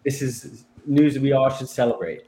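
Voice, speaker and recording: A man's voice: mid-range voice, lively intonation, moderate pace, mellow. Guy guest on a radio show, chatty, laughs a lot, a little hiss in the background. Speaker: guest editor. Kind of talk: casual radio chat.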